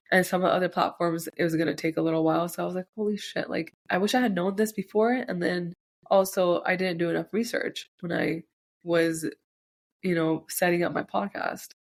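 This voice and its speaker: A young woman hosting her own podcast, talking candidly and rambling a little, with casual swearing and self-deprecating asides. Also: on the low side. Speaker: podcast host. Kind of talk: solo podcast recap, candid chat.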